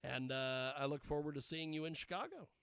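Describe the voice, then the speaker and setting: Gravelly-voiced man hosting a rambling show. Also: on the high side, animated, fairly quick, a bit bright, no echo. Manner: rambling, jokey asides to himself. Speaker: radio show host. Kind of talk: casual live show chat.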